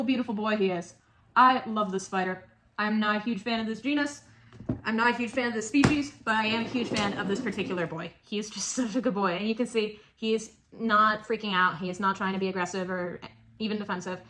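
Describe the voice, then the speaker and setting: A woman's voice: mid-range voice, fairly even intonation, fairly quick, a bit bright. A young woman keeping tarantulas, giving a casual, chatty how-to tutorial with emphatic points and cooing asides. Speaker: tarantula keeper demonstrating shipping.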